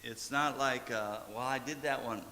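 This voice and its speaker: A man's voice: medium pitch, moderate pace, bright, forceful tone, in a large hall. Man, pastor, folksy sermon, repeats short commands, faint hiss. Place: church sanctuary.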